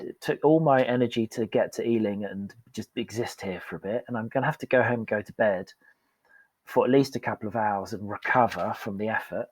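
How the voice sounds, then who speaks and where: Husky man telling his story. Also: fairly low pitch, a little fast, no room sound. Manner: frank and self-deprecating, acts out past dialogue. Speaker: podcast guest, performance coach. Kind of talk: candid storytelling in conversation.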